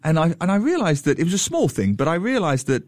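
Animated man spinning a yarn. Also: a little high, fast talker, no echo. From England. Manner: animated anecdote-telling with frequent laughs. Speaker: author guest. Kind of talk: storytelling in a radio chat.

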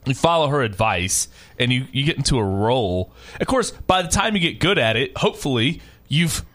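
A man co-hosting a radio talk show, joking with halting restarts and frequent laughs. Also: mid-range voice, sing-song, a bit bright. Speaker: radio co-host. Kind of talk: casual radio banter.

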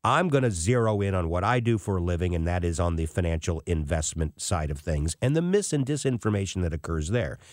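Lively-voiced man in his sixties. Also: low-pitched, fairly quick, hardly any pauses, no echo, studio quality. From United States. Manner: animated, self-deprecating anecdotes. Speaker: financial commentator. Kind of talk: casual storytelling monologue.

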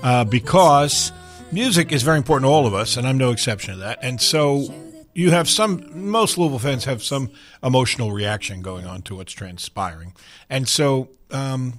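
A man's voice: medium pitch, expressive, normal speed, a bit bright, faint music behind. An older man hosting a sports radio show in a studio, talking in a folksy, rambling way with bursts of mock anger. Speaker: radio sports talk host. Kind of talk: casual sports radio talk.

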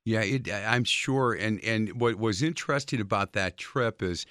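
A man hosting an interview, telling a lively story with stammered restarts. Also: on the low side, moderate pace, dry recording. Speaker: host.

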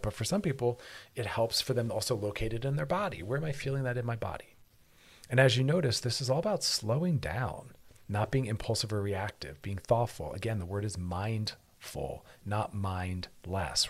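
A man with a husky, slightly low voice hosts an advice talk show. He teaches in an earnest, emphatic way and circles back to his key phrases for weight. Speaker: show host giving relationship advice.

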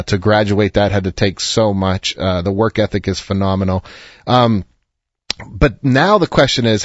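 A man's voice: lowish voice, no room sound, highs cut off. A man hosting an advice show, counseling a caller earnestly and reassuringly, sometimes telling a story.

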